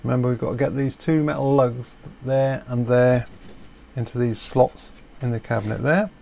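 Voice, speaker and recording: A middle-aged man explaining a radio repair step by step in a relaxed, chatty way. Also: medium pitch, normal speed, creaky, slight background noise. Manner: relaxed, chatty, self-deprecating asides.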